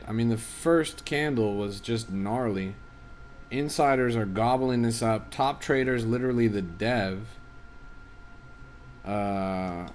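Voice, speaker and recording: A man livestreams as a crypto trader, reading his chat and answering it with casual, offhand, often profane remarks. His voice sits at a medium pitch, with slight noise in the background.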